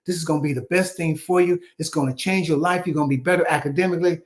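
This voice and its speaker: Animated older man from Chicago. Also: fairly high pitch, very fast. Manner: animated storyteller who acts out the dialogue. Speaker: guest, former basketball player. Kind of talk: storytelling interview.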